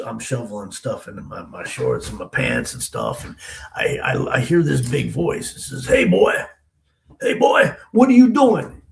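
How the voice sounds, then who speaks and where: Gravelly man telling stories casually. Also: mid-range voice, echoey room, a little hiss or hum, poor audio. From Denver area, USA. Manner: loose, slangy, often says "man" and "you know". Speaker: interview guest. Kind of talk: casual storytelling in an interview.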